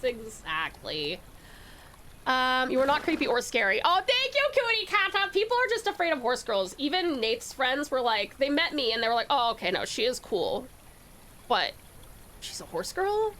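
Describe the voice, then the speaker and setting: A woman's voice: high-pitched, a bit bright, a little hiss or hum. A woman from Tasmania, chatting bubbly and laughing with her viewers while streaming a game. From Tasmania, Australia. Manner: bubbly, laughs often, talks to chat. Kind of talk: casual live-stream chat while gaming. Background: faint game music.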